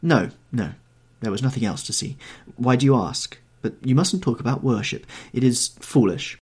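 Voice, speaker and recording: A man's voice: medium pitch, expressive, normal speed, a little mellow, husky, pitched above the performer's own voice. A man voicing a charming, guarded young man in a storybook reading, with a lighter, evasive delivery. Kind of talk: audiobook character reading.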